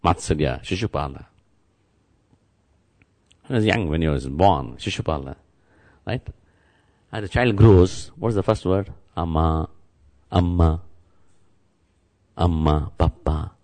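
This spiritual teacher has a deep, slightly mellow voice, speaking at a measured pace with frequent pauses. His devotional sermon is repetitive and chant-like, addressed straight to those listening.

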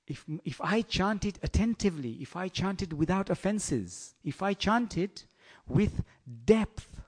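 A man giving a storytelling sermon in an animated, teasing way, often asking his listeners questions. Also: high-pitched, measured pace. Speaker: preacher.

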